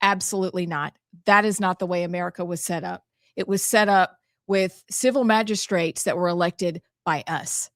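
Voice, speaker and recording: A woman's voice: lowish voice, normal speed, no room sound. A woman, co-hosting a talk show and laying out the schedule in an upbeat way. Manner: upbeat, explains the show's schedule. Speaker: co-host. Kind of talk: casual talk-show chat.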